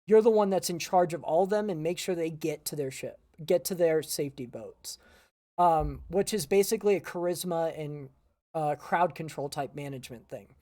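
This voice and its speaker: A man co-hosting a podcast, explaining his old crew duties in a relaxed, casual way. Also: fairly high pitch, moderate pace. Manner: relaxed, many "um" fillers, laughs easily. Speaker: podcast co-host, former cruise ship sports staff. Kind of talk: casual storytelling chat.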